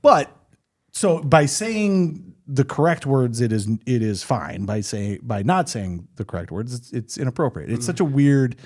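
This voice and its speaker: Here the same kind of Minnesotan podcast host, a man from northern Minnesota, sounds sing-song, unhurried and a little mellow in a mid-range voice. He rambles opinionatedly through casual chat, often restarting his sentences.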